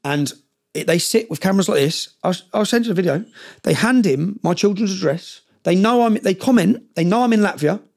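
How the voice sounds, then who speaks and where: Fast-talking intense man. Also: high voice. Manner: intense, rapid, keeps checking in with "yeah?". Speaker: podcast guest. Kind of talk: storytelling in conversation.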